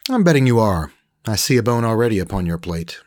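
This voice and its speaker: A man voicing a pushy, smooth-talking French male traveler with a French accent. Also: lowish voice, sing-song, fast talker, darkish tone, dry recording, studio quality, voice pushed up. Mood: wheedling.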